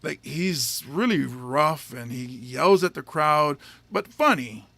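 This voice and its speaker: A man's voice: fairly high pitch, expressive, slow pace, creaky, pushed and bright, slightly rough. A male stand-up comedian and podcast host chatting casually, rambling through stories with lots of fillers and restarts. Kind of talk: casual chat.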